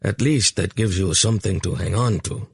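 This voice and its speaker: A man voicing a gruff, husky warrior. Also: low-pitched, normal speed, no echo, full character voice. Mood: warning. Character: stern hawk-faced male warrior, horse trainer. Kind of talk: audiobook narration.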